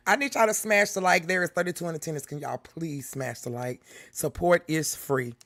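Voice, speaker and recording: Bright-voiced chatty woman streamer. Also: lowish voice, big pitch swings, normal speed, dry recording. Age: middle-aged. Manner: chatty, reads chat aloud, laughs often. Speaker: livestream reaction host. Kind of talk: casual live chat with viewers.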